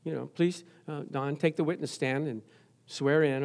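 Lively, joking male pastor preaching. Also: a little high, moderate pace. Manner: lively, joking, calls out to the congregation. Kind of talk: sermon.

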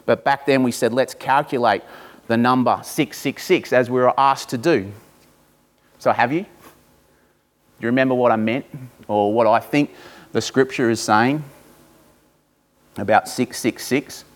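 Man preaching a sermon, slow deliberate scripture reading. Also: medium pitch. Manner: reads scripture slowly and deliberately, then talks informally to the congregation. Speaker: pastor.

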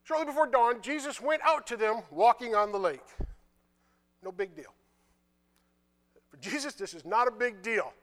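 Male preacher, scripture sermon, high voice, very lively delivery. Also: normal speed, pauses often. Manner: animated, drops to quiet asides; retells scripture in casual dialogue.

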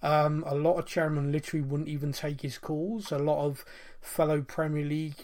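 A man's voice: on the high side, little pitch movement, normal speed, darkish tone. A man hosting a casual football podcast chat, rambling and restarting his sentences. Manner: rambling, self-interrupting, fond of mimicking accents.

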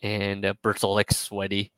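Low-voiced man rambling casually. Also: monotone, a bit bright, clear, resonant tone, no room sound, rough recording. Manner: rambling, filler-heavy retelling with quick quoted asides. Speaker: podcast co-host. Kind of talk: casual podcast chat.

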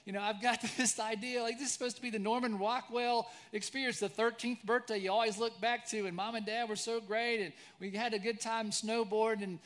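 A man in his forties preaching a sermon as pastor, conversational, often tagging "right?", shifting between lively storytelling and soft reflection. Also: high voice, a little fast, hardly any pauses. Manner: conversational, frequent "right?" tag questions.

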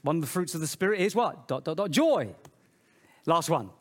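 High-voiced animated preacher, man. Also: normal speed. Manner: animated preaching with sudden loud and soft swings. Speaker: pastor. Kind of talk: sermon.

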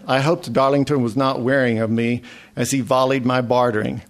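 A man reading a literary memoir story aloud in a measured way. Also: medium pitch, fairly even intonation, soft background music. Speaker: narrator.

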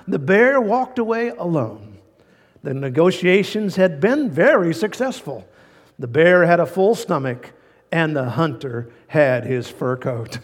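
A man's voice: on the high side, expressive, slow pace, pauses often, big-room sound. A male pastor preaching a sermon in a folksy, fervent way, repeating key phrases for emphasis.

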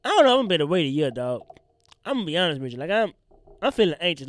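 A man's voice: fairly high pitch, rapid-fire, no echo. A young man with a congested voice and a tiring throat, hosting a casual solo podcast and talking to listeners in loose slang. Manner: loose, slangy and animated, addressing listeners directly. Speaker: podcast host.

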